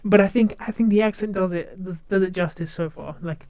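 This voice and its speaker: Streamer, not a native English speaker, casual chat; clear, smooth mid-pitched voice; loose and repetitive delivery. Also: fairly quick, a little mellow, dry recording. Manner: rambling, chatty, repeats words and restarts.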